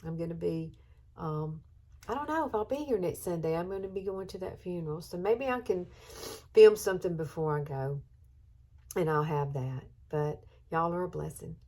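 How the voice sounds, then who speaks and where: Gravelly Southern woman in her fifties. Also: lowish voice, moderate pace. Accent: Southern US (Alabama). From Alabama. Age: 50s. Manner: chatty, warm-hearted, emotional. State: tearful at times. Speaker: beauty vlogger. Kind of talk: chatty get-ready-with-me vlog.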